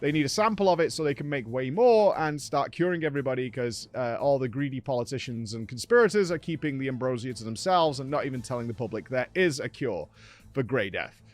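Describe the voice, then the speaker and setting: A man's voice: medium pitch, expressive, fairly quick. A man hosting a casual gaming recap, telling the story with laughs and acted-out quotes. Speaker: gaming streamer host.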